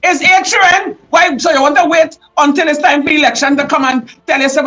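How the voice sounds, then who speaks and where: High-voiced impassioned Trinidadian woman. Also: steady tone, a little fast, a bit bright, low-quality recording. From Trinidad and Tobago. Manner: emotional and fired up, often raising her voice. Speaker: livestream host. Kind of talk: impassioned live commentary.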